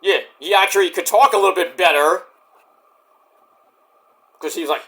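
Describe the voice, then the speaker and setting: Guy doing a wrestling recap vlog, high bright voice, all over the place, crude jokes. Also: expressive. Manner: rambling, crude jokes, quick impressions. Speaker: wrestling show reviewer.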